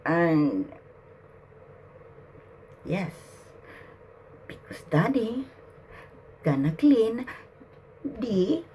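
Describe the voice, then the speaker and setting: A woman addressing spirits aloud on camera, emotional and halting, laughing and close to tears as she speaks. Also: mid-range voice, big pitch swings, warm tone, slight background noise. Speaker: spiritual channeler.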